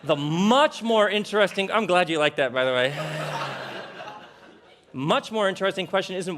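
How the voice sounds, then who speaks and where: A middle-aged man giving a live talk on a theater stage, conversational and jokey, with rhetorical questions and dramatic pauses. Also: high-pitched, lively intonation, a bit bright, slight background noise. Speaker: speaker addressing a live audience.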